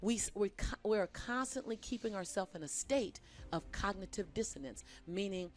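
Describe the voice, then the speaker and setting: A woman's voice: mid-range voice, animated, normal speed, few pauses, darkish tone. A woman talking earnestly as a guest in an interview, often repeating her phrases for emphasis. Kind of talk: conversational interview. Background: faint background music.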